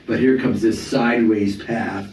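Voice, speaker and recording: A middle-aged man tells stories in a lively, casual way, with a middle pitch and an easy flow. He swears freely and slips into impressions. The recording is echoey, with the mic set back and faint room noise. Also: a little slow, recorded from a distance. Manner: animated, swearing, slips into character voices. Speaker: comedian and voice actor. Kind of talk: casual storytelling chat.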